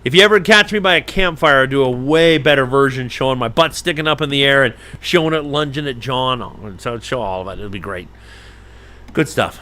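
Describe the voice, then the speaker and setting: A middle-aged man telling a story to a live-stream audience, animated and acting out the voices of the people in it. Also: mid-range voice, fairly quick. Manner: animated, acts out voices in his stories. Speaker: falconer hosting a live stream. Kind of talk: casual storytelling.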